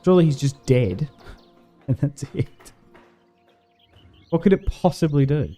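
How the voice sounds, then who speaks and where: A man's voice: a little high, lively intonation, measured pace, dark tone, faint music behind. A young Australian man chatting casually and rambling while streaming a game. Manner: rambling, laid-back, slangy. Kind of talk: casual livestream chat over gameplay.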